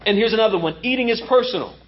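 A man's voice: high-pitched, rapid-fire, highs cut off. A man preaching a sermon as pastor, emphatic and repeating lines for effect.

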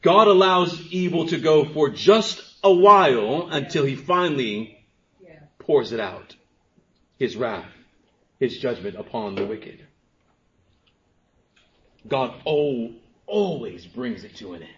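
Man preaching with hushed-to-emphatic swings. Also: mid-range voice, animated, takes it slowly, long pauses. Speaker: pastor. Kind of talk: sermon. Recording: dull lo-fi sermon recording.

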